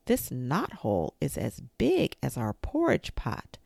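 A woman reading a storybook aloud, voicing an anxious, excitable little boy a bit higher than her own voice. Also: measured pace, creaky, dry recording, clean studio sound, exaggerated voice.

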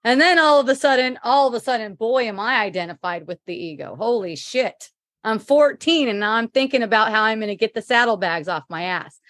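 A woman's voice: fairly high pitch, lively intonation, a little fast, a bit bright, dry recording, studio quality. A middle-aged woman hosting a casual spiritual chat, reading viewer comments aloud, laughing often and swearing freely.

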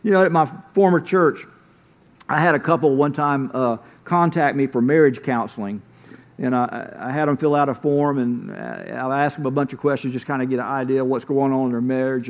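A pastor preaching a sermon, telling earnest stories and often throwing in "man". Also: mid-range voice.

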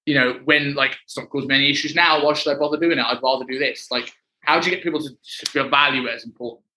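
Talking quickly in a medium-pitched, steady, bright, and forceful voice, a man hosts a casual podcast. He's chatty and rambling, peppering his speech with "like" and "you know." There's slight background noise and a rough recording.

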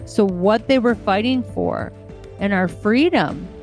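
Slow, earnest woman podcast host. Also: mid-range voice, darkish tone, faint music behind. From United States. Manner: earnest, heartfelt, repeats phrases for emphasis. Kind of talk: casual monologue.

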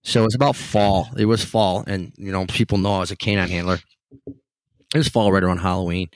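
A male podcast co-host, a former police canine handler, telling a story in a relaxed, unhurried way in casual chat. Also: low voice, no room sound.

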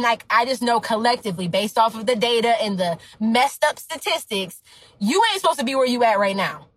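A woman's voice: high voice, pushed and bright, no echo, poor audio. A young adult woman, a business coach, giving an emphatic, preachy motivational talk full of slang. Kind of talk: motivational talk to her audience.

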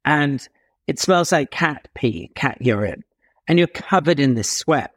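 A man from England telling a story as an interview guest, animated, with dramatic pauses and emphatic swings in pitch. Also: dry recording.

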